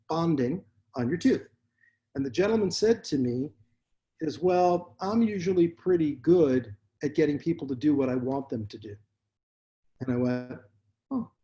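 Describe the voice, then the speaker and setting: Male dentist guest, blunt and animated storyteller, slightly high pitch. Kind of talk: casual interview storytelling.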